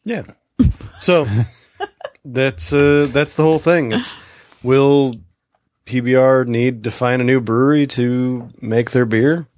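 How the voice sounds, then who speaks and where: Male podcast co-host, halting news rundown, close dry recording. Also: medium pitch, a little mellow, no echo. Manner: hesitant, fills with uh and um. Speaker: news segment presenter.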